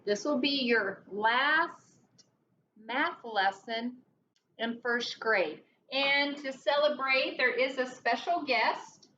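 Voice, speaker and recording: A woman teaching first grade in a recorded lesson, slow and gentle, coaxing a puppet along as she talks to the kids. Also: high voice, slight background noise. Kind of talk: recorded lesson for young children. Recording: roomy, dull sound from a distance.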